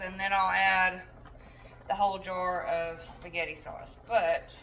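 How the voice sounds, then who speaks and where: A woman's voice: medium pitch, bright, forceful tone, far from the mic, a little hiss or hum, poor audio. A young woman chatting casually while cooking in her home kitchen, rambling with self-deprecating asides. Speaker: home cook vlogger.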